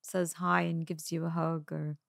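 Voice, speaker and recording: A woman hosts an interview, chatting easily and nudging her guest along with questions. Her voice sits fairly low, and the recording is dry and close-miked. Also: level tone, moderate pace, creaky, a bit bright, no room sound. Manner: chatty, prompting questions, encouraging backchannels. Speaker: podcast host, interviewer. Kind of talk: casual interview.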